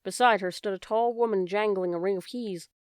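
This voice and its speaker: Clear-voiced woman reading a children's story. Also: mid-range voice, brisk, no room sound, clean studio sound. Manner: gentle, addresses the reader directly. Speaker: audiobook reader. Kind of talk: children's audiobook narration.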